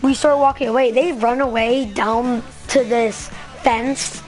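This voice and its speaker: A woman vlogger telling a story in a rambling, excitable way, full of fillers. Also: fairly high pitch, unhurried, faint music behind. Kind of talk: casual storytelling vlog.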